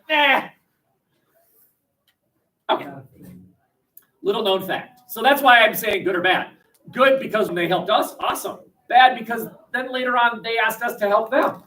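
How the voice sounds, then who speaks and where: A man teaching history in a lively classroom lecture, joking and acting out quotes with plenty of fillers. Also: extremely high pitch, moderate pace. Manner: jokey, acts out quotes, many fillers. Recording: voice from far off the mic in a classroom.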